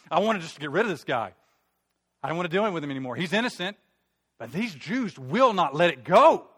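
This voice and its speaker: A man voicing an exasperated adult male Roman governor, loud and agitated. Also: on the high side, animated, fast, in a large hall.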